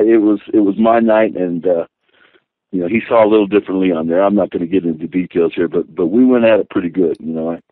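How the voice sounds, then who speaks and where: An older man, a guest and former wrestler, telling rambling, animated stories with many restarts. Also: fairly low pitch, dry recording. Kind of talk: storytelling interview. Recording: tinny phone line.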